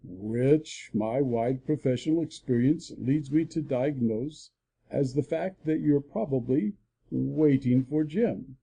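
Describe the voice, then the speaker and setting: A man playing a gravely joking country doctor. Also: mid-range voice, animated, unhurried, dark tone, heavily acted. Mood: dryly teasing. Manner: dry mock-serious teasing. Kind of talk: full-cast audiobook reading.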